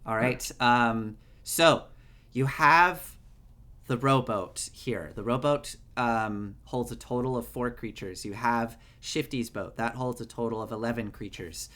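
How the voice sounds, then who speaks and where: Male game master, bright voice, mid pitch, relaxed narration, lots of ums. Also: unhurried. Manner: relaxed, filler-laden narration.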